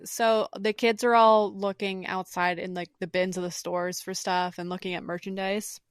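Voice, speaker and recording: A woman's voice: mid-range voice, flat delivery, moderate pace, smooth, no echo, clean studio sound. A woman co-hosting a podcast, telling an episode's plot in casual, storytelling chat. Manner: storytelling, warmly recounting scenes. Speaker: podcast co-host.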